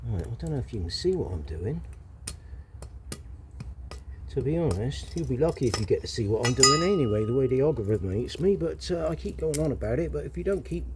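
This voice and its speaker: A male vlogger with a West Country English accent cooks over an outdoor fire, chatting casually to camera, rambling with wry asides and muttering to himself. His mid-range voice is expressive and fairly quick, against a noisy background.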